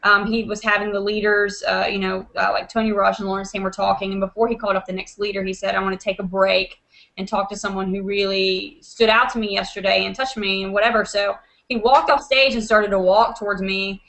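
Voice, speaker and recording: A woman hosting a video call from her home desk, telling an excited story full of "you know" and acted-out quotes. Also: medium pitch, fairly quick, vocal fry, rough recording. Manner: animated, acts out quotes, many fillers like "you know". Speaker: host of an online video hangout.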